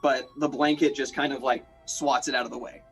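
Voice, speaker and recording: A man's voice: medium pitch, fairly even intonation, fairly quick, fairly bright tone, breathy edge, faint music behind, poor audio. Playful rambling man running a tabletop game. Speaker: game master.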